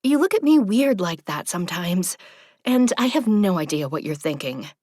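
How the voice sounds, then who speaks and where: A teasing, easily flustered young woman, as a narrator plays her in an audiobook, her voice lifting up brightly against the low narration. The sound is dry and close, with no room around it. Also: sing-song, dry recording. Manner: bright, teasing, quick to react. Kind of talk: audiobook character voice.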